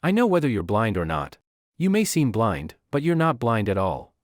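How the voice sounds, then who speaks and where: A man's voice: lowish voice, huge pitch swings, moderate pace, no echo, studio quality. Male reader as an irritated emperor, commanding tone. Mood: stern. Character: exasperated male emperor, stern.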